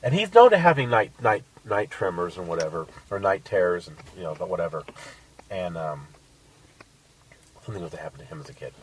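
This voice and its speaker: A man on a podcast casually telling a crude dating story, animated and swearing. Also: deep voice, brisk, far from the mic, slight background noise, low-quality recording. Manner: crude, animated, acts out quotes.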